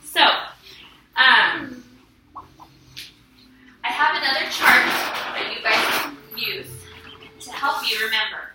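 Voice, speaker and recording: A woman's voice: high-pitched, slow, long pauses. A woman teaching a punctuation lesson to children, asking patient leading questions and repeating their answers, recorded from far off in an echoey classroom. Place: school classroom. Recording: echoey classroom, distant camera, faint noise.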